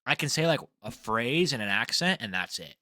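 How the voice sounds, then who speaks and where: A man's voice: mid-range voice, big pitch swings, normal speed, bright, forceful tone, no echo, clean studio sound. A young man giving casual, rambling fight predictions, swearing freely and laughing at his own jokes. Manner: rambling, profane, laughs at himself. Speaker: MMA prediction vlogger.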